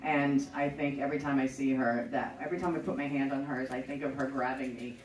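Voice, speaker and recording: A woman's voice: rumbling low, little pitch movement, fairly quick, a little mellow, echoey room, recorded from a distance, slight background noise, rough recording. A middle-aged woman hosting a show, telling a personal story in a chatty, profane, self-mocking way. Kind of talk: casual storytelling.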